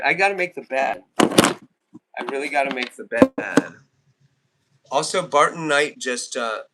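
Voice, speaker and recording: A man's voice: sits high, a bit bright, a little hiss or hum. A man in his fifties chatting casually on a live stream, laughing often and answering chat comments. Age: 50s. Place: home, near a trailer.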